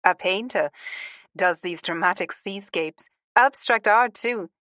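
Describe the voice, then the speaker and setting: A woman's voice: mid-range voice, a bit bright, no room sound. A woman voicing a bubbly, gossipy woman in her sixties. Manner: bubbly, gossipy, quick to confide.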